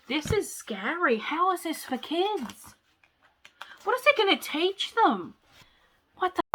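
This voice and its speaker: A young woman reads a children's picture book aloud and keeps interrupting herself with sarcastic, animated jokes. Her voice is bright and sits a little high. She moves loosely between storybook narration and casual, mocking asides. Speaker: vlogger.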